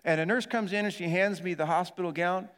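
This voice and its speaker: A middle-aged male pastor telling a dramatic personal story in a sermon, acting out his own shouts and moans. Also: high-pitched, fairly quick, smooth, in a large hall. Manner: animated storytelling, acts out yelling and moaning.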